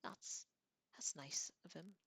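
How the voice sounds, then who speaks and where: A woman whispering as a tearful gruff giant, whispered role-play. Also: sharp tone, no room sound. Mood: choked. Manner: halting, choked, tearful speech. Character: grieving giant male groundskeeper, gruff.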